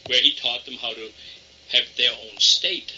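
A man from southern Germany with a German accent, answering interview questions in a measured, explanatory way. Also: mid-range voice, fairly even intonation, bright, forceful tone, slight background noise. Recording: dull lo-fi archival audio.

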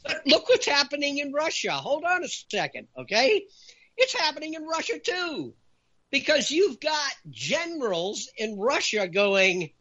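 A man holds forth as a talk-show guest, pushing his voice up whenever he wants a point to land. His pitch swings widely and his tone is bright and cutting. The audio sounds muffled and lo-fi. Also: a little slow. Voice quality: raises voice for emphasis. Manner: animated, lists points in a punchy countdown. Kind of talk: emphatic talk-show commentary.

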